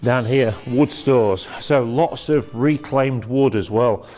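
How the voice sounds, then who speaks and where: A man's voice: medium pitch, slow pace, a little mellow. A man giving a chatty walking tour of a large industrial workshop, pointing out items to be auctioned. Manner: chatty, pointing things out on the move.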